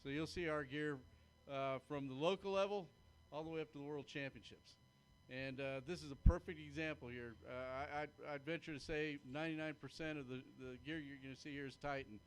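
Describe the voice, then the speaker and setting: A man's voice: on the high side, fairly even intonation, a little fast, slight background noise. A man interviewed as a company founder at a live powerlifting meet, plainspoken and proudly promoting his firm.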